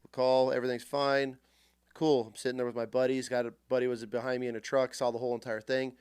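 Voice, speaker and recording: A man from Texas, a podcast guest telling stories in an animated way and acting out heated arguments in quoted voices. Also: mid-range voice, fast talker, clear, resonant tone, no room sound. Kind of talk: animated storytelling in conversation.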